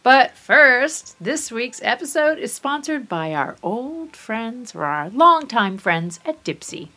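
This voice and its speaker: A woman co-hosting a podcast, chatting casually with animated asides and frequent laughs. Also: fairly high pitch, slow. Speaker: podcast co-host. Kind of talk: casual chat.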